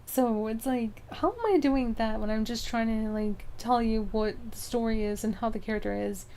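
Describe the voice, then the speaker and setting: Chatty young woman with a light high voice. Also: normal speed, warm tone, a little hiss or hum. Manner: rambling, many fillers, frequent laughs. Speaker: streamer. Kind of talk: casual stream chat.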